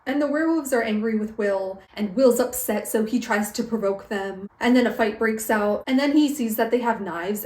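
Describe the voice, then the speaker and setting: A woman's voice: on the high side, a little mellow, roomy sound, poor audio. A young woman vlogger recapping a book in a casual, dramatic way, with exaggerated outbursts.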